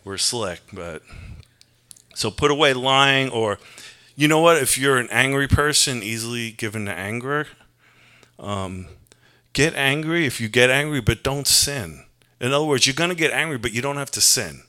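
A man preaches in an earnest, conversational way, as if talking to a friend. His voice is strikingly bright and forward, and his pitch sits in a middling range. He weaves personal confession into his sermon. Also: lively intonation, moderate pace. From New York. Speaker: pastor.

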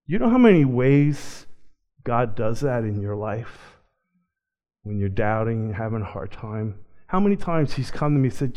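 High-voiced preaching man. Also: measured pace. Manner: expressive preaching that swings from loud to hushed. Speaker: pastor. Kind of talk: sermon.

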